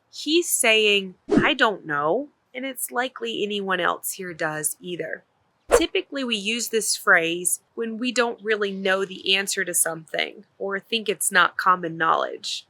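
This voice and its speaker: Slow, gravelly-voiced woman teaching English. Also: mid-range voice, pushed and bright. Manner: slow, clear, encouraging teacher delivery. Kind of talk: scripted English grammar lesson.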